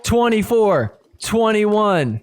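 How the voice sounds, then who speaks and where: A man hosting a podcast, recapping a match in play-by-play commentary and getting loud and excited at the big points. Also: high-pitched, very slow, clean tone, faint music behind. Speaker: podcast host.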